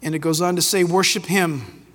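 A man preaching a sermon emphatically, swinging between loud declarations and quiet asides. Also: fairly high pitch, fairly even intonation, moderate pace. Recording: long hall reverb.

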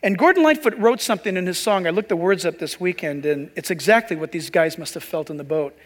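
A male pastor preaching a sermon with a very high voice. He is chatty and slips joking asides to the congregation. Long reverb rings through the hall. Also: lively intonation, quick pace, hardly any pauses, a bit bright.

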